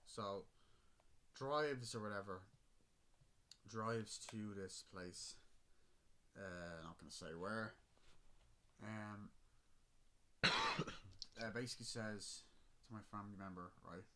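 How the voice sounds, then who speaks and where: A man's voice: fairly low pitch, sharp tone. A man with an Irish accent telling a long, rambling story on a casual podcast. He swears freely and laughs at his own tale. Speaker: podcast host.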